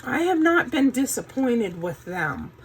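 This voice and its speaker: A woman's voice: a little high, big pitch swings, unhurried, slight background noise, rough recording. A woman hosting a casual crafting tutorial, chatty and folksy, with a groggy morning voice since she has just woken up. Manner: chatty, folksy, says "um" a lot. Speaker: craft channel host.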